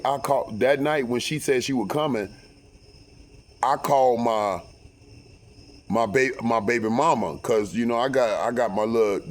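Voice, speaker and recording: Profane man telling a story. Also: medium pitch. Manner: profane, animated, with many fillers. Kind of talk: casual storytelling.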